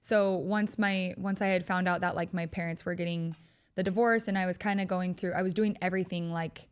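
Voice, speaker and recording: A woman's voice: on the low side, steady tone, brisk, clean tone. A young woman as a podcast guest, speaking in a reassuring, reflective way. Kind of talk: candid personal chat.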